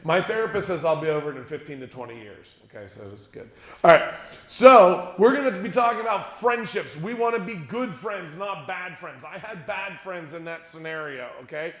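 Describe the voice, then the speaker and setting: A man speaking at a youth conference, telling a jokey, animated story to middle schoolers and leading a short prayer. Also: fairly high pitch, moderate pace. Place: church conference room with an audience. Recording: echoey room.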